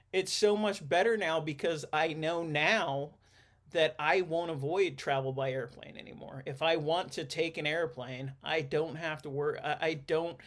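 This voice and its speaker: A man's voice: on the high side, a bit bright. A man hosting a podcast interview, talking casually with many fillers and restarts. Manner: rambling, frequent restarts and fillers. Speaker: podcast host and counselor.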